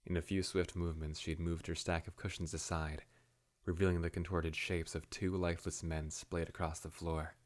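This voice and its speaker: A man narrating a fantasy story in a steady, measured way. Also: low voice.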